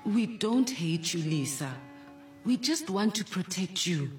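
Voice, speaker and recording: A woman's voice: medium pitch, animated, measured pace, darkish tone, close to an everyday voice. Woman as a pleading South African mother. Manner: pleading, consoling. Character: worried, soothing mother. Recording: distant mic, faint music.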